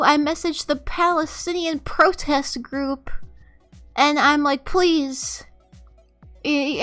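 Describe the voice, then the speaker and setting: A woman's voice: high voice, sharp tone. A young woman streamer telling a rambling, profane story in an exasperated, casual way, often laughing. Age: young adult.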